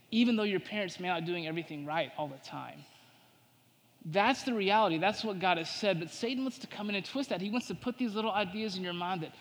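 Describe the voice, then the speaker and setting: A male pastor delivers a sermon in a fairly high voice. He swings between ringing emphasis and soft, coaxing asides. The sound carries the long reverb of a church sanctuary. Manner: preaching with rising emphasis, acting out tempting voices in hushed tones.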